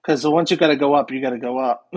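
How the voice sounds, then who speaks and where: A man's voice: a little high, moderate pace, darkish tone. A man, a guest paranormal investigator, chatting casually on a podcast and rambling with many fillers.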